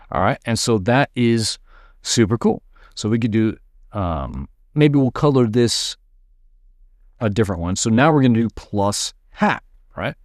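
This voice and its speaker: A man's voice: mid-range voice, darkish tone, no echo. Guy walking thru a music production tutorial, laid back, lots of "right?", dry close sound. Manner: casual explaining, thinks aloud with "right?" and "all right". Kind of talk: screen-share tutorial walkthrough.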